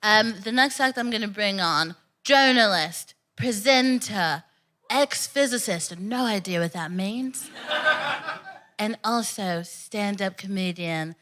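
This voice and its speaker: Bright-voiced woman hosting a comedy night. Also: mid-range voice, expressive, takes it slowly. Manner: loud, hyped introductions. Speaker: comedy club host. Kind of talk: live stand-up hosting. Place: comedy club stage, live audience.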